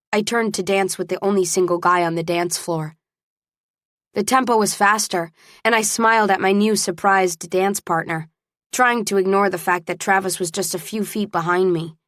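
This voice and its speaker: A woman narrating a first-person audiobook in a steady, expressive storytelling voice. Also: medium pitch, no room sound, clean studio sound.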